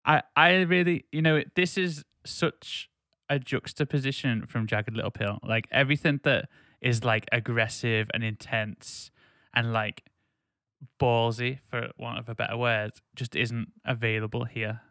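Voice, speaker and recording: A man's voice: medium pitch, steady tone, a little slow, sharp tone, dry recording, studio quality. A man co-hosting a podcast, chatting casually about an album with lots of fillers and restarts. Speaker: podcast co-host.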